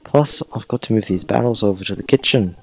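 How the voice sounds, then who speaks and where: A man's voice: lowish voice, brisk, creaky, a little hiss or hum, poor audio. A man voicing a skinny, eager young male student in an odd put-on accent, reading game dialogue aloud. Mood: cheerful.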